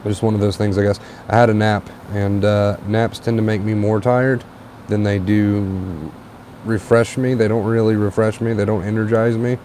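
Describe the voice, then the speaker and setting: A young man hosting a late-night livestream on a tablet, a little tired, relaxed and repetitive, with plenty of uh and um. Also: lowish voice, a little slow, a little hiss or hum. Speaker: livestream host. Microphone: tablet mic.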